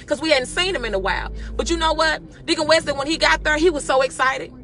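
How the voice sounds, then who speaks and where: A woman giving a lively, exhorting devotional while driving, recorded on a phone in her car. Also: high-pitched, quick pace. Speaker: church member giving a devotional. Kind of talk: casual spoken devotional.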